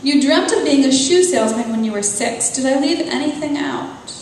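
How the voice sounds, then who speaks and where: Woman voicing death as a cool wry lady, calm, matter-of-fact, echoey hall, distant mic. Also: sits high, moderate pace, a little hiss or hum, voice pushed up. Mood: brisk.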